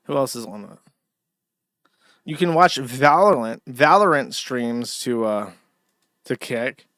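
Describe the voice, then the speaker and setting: A man's voice: mid-range voice, expressive, takes it slowly, fairly bright tone, dry recording, clean studio sound. A man hosting a live stream, delivering sardonic and profane commentary. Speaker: streamer host.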